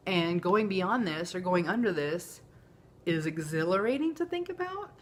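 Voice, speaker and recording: A woman's voice: fairly low pitch, lively intonation, moderate pace. A woman, talking candidly and emotionally in a rambling personal vlog. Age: 40s. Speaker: vlogger. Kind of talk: casual confessional vlog.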